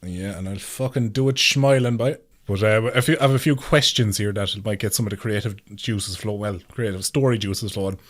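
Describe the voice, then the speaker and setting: A man's voice: lowish voice, fairly even intonation, a little fast, hardly any pauses. A man hosting a casual group chat, teasing his friends and laughing easily. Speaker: podcast host.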